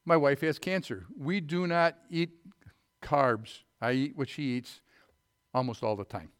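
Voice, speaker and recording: Casting note: middle-aged male pastor, slightly higher voice, homespun humor, swells to booming scripture reading. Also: measured pace, clean tone. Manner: folksy storytelling, rising to loud emphatic scripture reading. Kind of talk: sermon.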